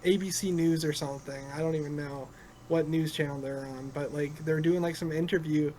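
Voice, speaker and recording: High-voiced young dude cohosting a pod, eager, agrees a lot, bit of room noise. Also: male voice, fairly even intonation, mellow. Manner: eager, quick to agree and laugh along. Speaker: podcast co-host. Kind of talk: casual chat.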